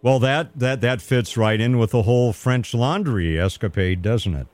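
A man hosting a call-in radio show, talking in a measured, earnest way with hesitant restarts. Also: mid-range voice, a little mellow, no room sound. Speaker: radio talk show host.

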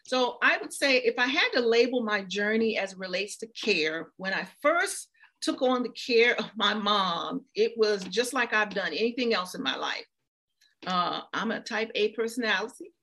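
A woman's voice: medium pitch, animated, normal speed, bright, forceful tone. Earnest middle-aged woman telling her story. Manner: earnest storytelling, acts out quoted voices. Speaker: guest speaker. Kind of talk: heartfelt interview talk.

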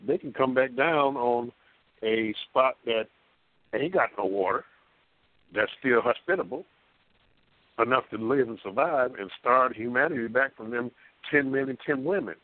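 On a call-in radio show, a male guest phones in and chats in a homespun, wandering style, often restarting sentences and leaning on fillers. His voice is mid-range, and the recording is dry.

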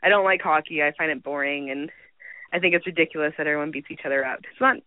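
A woman's voice: low-pitched, fast talker, dry recording. A young Canadian woman with a Canadian accent, chatting as a guest in a casual interview, laughing often and filling her talk with "like". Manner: giggly, lots of "like" fillers. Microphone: phone. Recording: tinny phone line.

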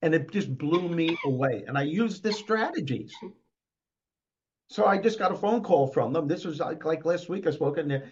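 Upbeat older man, slightly high voice. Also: lively intonation, normal speed, slight background noise. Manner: emphatic, upbeat storytelling. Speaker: guest, motivational speaker. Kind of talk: conversational interview. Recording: dull lo-fi recording.

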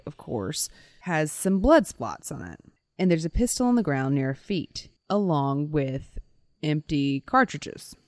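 Animated woman telling a story. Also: sits low, no room sound. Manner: animated, acts out quotes with playful voices. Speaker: podcast co-host. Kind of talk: casual storytelling chat.

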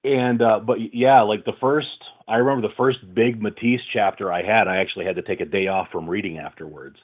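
This voice-over artist and audiobook narrator, interviewed informally, has a lowish, steady voice and talks fairly quickly, with many fillers and false starts. The sound comes through a tinny, phone-style line.

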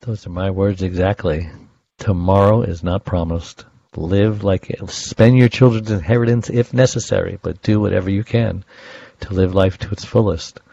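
A man's voice: low voice, steady tone, moderate pace, creaky, mellow, slightly rough. A man co-hosting a podcast interview, chatting casually and affirming his guest. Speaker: podcast co-host. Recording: dry, dull audio.

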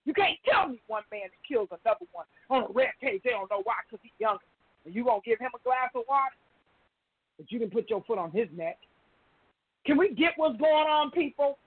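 A high-voiced woman speaks with impassioned, preaching fervor as a caller to a talk show. Her voice is breathy and husky, close and dry. It comes through a narrow, phone-like line. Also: animated, brisk, no echo. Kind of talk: emotional call-in talk.

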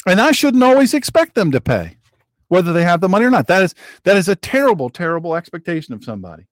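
A man hosts his own broadcast, delivering political commentary with heat and insistence. His voice sits slightly high and leaps higher when he presses a point. The sound is dry and close, with no room around it. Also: big pitch swings, fast, dry recording. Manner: heated and emphatic, with sharp pitch jumps and repetition. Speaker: host of an online broadcast.

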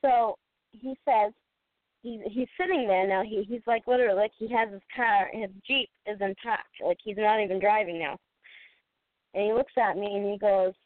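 A woman's voice: mid-range voice, moderate pace, no echo. A woman in her thirties co-hosting a podcast, telling a story in a rambling way and laughing often. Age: 30s. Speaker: podcast co-host. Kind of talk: casual storytelling chat. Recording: dry, tinny phone-like sound.

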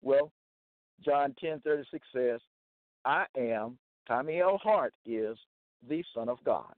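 Slow emphatic man, tinny dry sound. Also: medium pitch, lively intonation, no room sound. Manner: emphatic, repeats phrases, checks in with "okay?". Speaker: self-styled Bible teacher. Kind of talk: slow deliberate scripture teaching.

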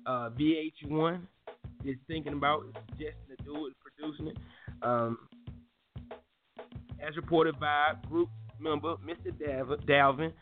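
A man's voice: a little high, steady tone, a little slow. A man hosting a morning show in loose, joking casual chat, full of slang, laughs and restarts. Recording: tinny phone-like sound with faint music.

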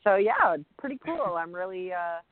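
A woman's voice: lowish voice, very animated, moderate pace, no echo. A woman from Canada, chatting as a radio correspondent in an enthusiastic, upbeat way. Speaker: guest correspondent. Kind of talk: casual chat. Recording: tinny phone-like line.

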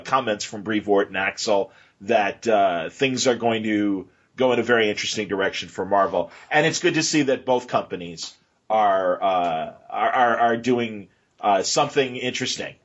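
Easygoing male podcast host, lo-fi. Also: on the low side. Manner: easygoing, chatty, laughs along. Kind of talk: casual podcast interview.

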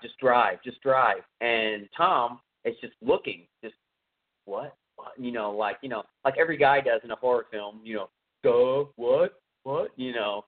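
A man hosts a podcast and retells a film scene in a loose, rambling, enthusiastic way, with lots of fillers. His voice sits at a middle pitch. The sound is thin and tinny, like a phone line. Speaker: podcast host.

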